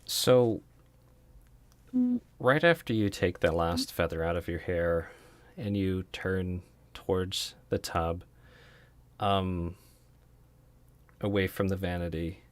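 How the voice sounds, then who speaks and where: A man running a tabletop game as dungeon master, narrating scenes in a relaxed, hesitant way full of fillers. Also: sits low, slow pace, long pauses, dry recording.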